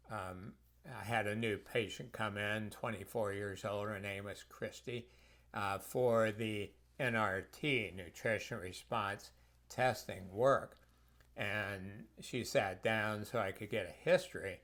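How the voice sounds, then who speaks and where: A man with a lowish, fairly bright voice, a health practitioner, tells reflective personal stories conversationally for a course video.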